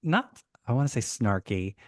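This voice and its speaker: A man, a podcast guest, telling an animated story in casual talk, rushing and restarting his sentences. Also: medium pitch, no echo, studio quality. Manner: animated, rushed retelling with many restarts.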